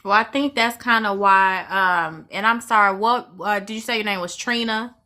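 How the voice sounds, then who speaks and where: Bright-voiced woman, measured panel guest. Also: medium pitch. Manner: measured, affirming, uses many fillers. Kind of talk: casual panel chat.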